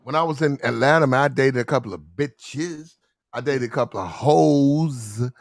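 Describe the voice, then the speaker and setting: A man's voice: medium pitch, normal speed, no echo, clean studio sound. A man hosting a casual livestream, telling stories in a loose, slangy drawl. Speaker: stream host.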